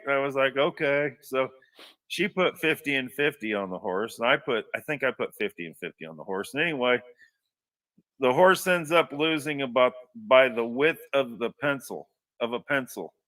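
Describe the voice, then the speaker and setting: A man spins a long personal yarn with a bright, edgy tone. He restarts often and drifts into asides. His voice sounds a little distant from the microphone. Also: mid-range voice, lively intonation, moderate pace. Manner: rambling anecdotal telling with many restarts. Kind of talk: casual storytelling.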